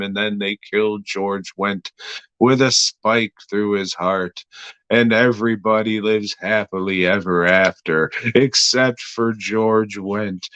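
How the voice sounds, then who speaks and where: A man's voice: lowish voice, a little slow, a bit bright, clean tone, no room sound, muffled recording. A man reviewing a horror episode in casual, rambling podcast talk, crude and offhand.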